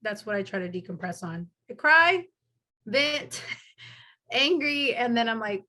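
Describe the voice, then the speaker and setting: A woman's voice: on the high side, lively intonation, takes it slowly, pauses often, pushed and bright. A woman guest, an artist, talking candidly in a casual conversation and laughing now and then.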